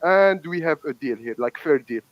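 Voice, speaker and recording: A man with an Arabic accent speaks in halting, careful English, trying to smooth things over. His voice sits slightly high and comes across earnest and patient. The sound is close and dry. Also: animated, no room sound, muffled recording. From Arab world. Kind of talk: online debate.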